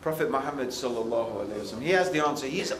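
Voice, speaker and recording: A man from the United Kingdom preaching a lively, conversational sermon to young people, full of asides. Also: medium pitch, racing. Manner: animated, conversational, frequent asides. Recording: echoey hall, faint ambient noise.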